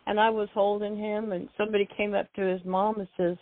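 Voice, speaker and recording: A woman's voice: mid-range voice, little pitch movement, quick pace, no room sound. An older woman chatting casually about her time among wrestling fans, rambling and repeating herself. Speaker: guest, wrestling fan. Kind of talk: casual phone chat. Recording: tinny dry phone line.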